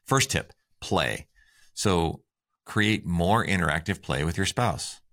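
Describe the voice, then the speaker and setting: A man's voice: low voice, animated, takes it slowly, fairly bright tone. A man co-hosting a relationship advice talk show, upbeat and conversational as he shares tips. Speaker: co-host.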